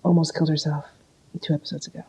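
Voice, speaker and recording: A woman's voice: deep voice, little pitch movement, rapid-fire, warm tone, slightly rough, soft background music. A woman co-hosting a podcast, casually recapping an episode in a loose, profane way and acting out characters' lines. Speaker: podcast co-host.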